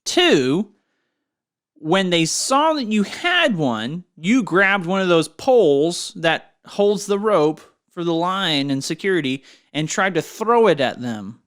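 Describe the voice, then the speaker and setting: A woman's voice: lowish voice, big pitch swings, slow pace. Woman playing a mock news anchor. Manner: mock news-anchor delivery, breaking into laughter. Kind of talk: improvised comedy podcast.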